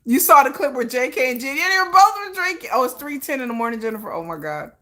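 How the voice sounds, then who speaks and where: A woman hosting a live stream in a loose, chatty way, with a bright, ringing voice that sits a little high. She laughs often as she talks and stops to greet viewers in the chat. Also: sing-song, fast. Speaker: livestream host. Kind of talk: casual livestream chat.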